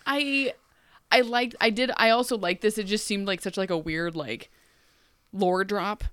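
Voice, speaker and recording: A woman's voice: medium pitch, a little slow, a bit bright, no room sound, studio quality. A woman from Ohio co-hosting a podcast, joking and rambling through a TV episode recap. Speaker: podcast co-host. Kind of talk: casual TV recap chat.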